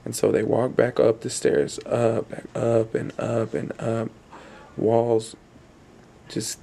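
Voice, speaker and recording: A man's voice: mid-range voice, gravelly, mellow, a little hiss or hum. A man telling a spooky story aloud in a rambling, repetitive way, briefly voicing the people in it. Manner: rambling, repetitive, voices quoted characters. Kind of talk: spoken campfire-style storytelling.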